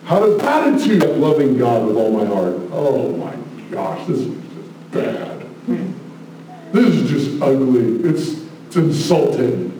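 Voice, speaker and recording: A man preaching a sermon, passionate, moving between hushed asides and loud exclamations. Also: mid-range voice, sing-song, takes it slowly, a little hiss or hum. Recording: very echoey room, mic at a distance.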